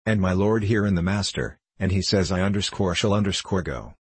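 Earnest young nobleman, indignant, resentful, read by a deep-voiced man, dry close sound. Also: fairly quick, husky, no echo.

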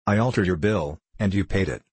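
A gentle, vague little priest who explains things slowly and simply, with an apologetic air, as a man reads him. The voice is low and husky, recorded dry and close. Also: no room sound. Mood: calmly explaining. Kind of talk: audiobook character reading.

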